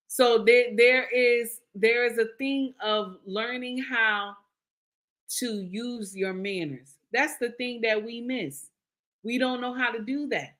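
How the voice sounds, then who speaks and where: A woman's voice: fairly high pitch, a little slow, fairly bright tone. A woman hosting a live stream, giving casual marriage advice to her viewers. She repeats her points, checks in with "okay?" and calls listeners "baby.". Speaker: live-stream host reading viewer comments.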